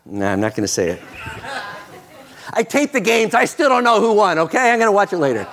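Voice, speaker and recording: Male preacher, middle-aged, gravelly, slightly high voice, earnest sermon, frequent restarts. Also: a little fast. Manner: earnest, repeats words and restarts, rises to loud excitement. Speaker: pastor.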